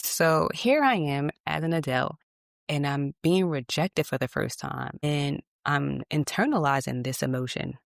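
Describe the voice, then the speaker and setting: A woman hosts a solo self-reflection podcast in a gravelly, fry-edged voice. She talks candidly and with emphasis, and drops salty asides. The sound is dry and close, with no room around it. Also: rumbling low, no echo. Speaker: podcast host.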